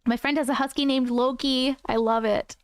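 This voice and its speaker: Host, woman, 30s, chatty and giggly, bright higher voice, dry close sound. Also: fairly even intonation, normal speed, smooth, no echo. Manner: chatty, laughs often, coos at her cat. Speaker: host of a live stream. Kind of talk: casual live-stream chat with viewers.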